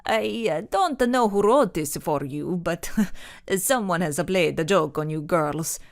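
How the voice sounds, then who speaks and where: A woman voicing a good-humored middle-aged Italian man in a storybook, speaking slowly and gently with a put-on Italian accent. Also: mid-range voice, big pitch swings, creaky. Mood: amused, gentle. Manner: slow, amused, gentle.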